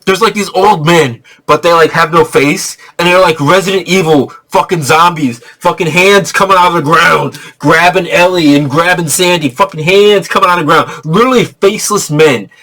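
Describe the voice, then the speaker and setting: A man's voice: a little high, moderate pace, few pauses, sharp tone. A man giving a casual, rambling movie review, full of fillers and swearing. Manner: rambling, profane, filler-heavy.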